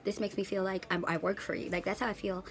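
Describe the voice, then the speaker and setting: A woman's voice: mid-range voice, fast, a little hiss or hum. Sassy woman in her late twenties. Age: late 20s. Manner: animated, sassy storytelling with slang. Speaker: English teacher. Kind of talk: casual vlog rant.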